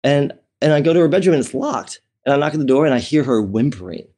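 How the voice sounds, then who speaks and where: With a slightly high, warm and animated voice, a man talks at a quick pace as an interview guest. His personal story comes out chatty and candid, dotted with fillers and restarts, and he laughs frequently while telling it.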